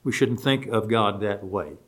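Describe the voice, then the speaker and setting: A man teaching a Bible study lecture, spelling out Greek words letter by letter and stressing key phrases before trailing off quietly. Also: on the low side, unhurried, husky.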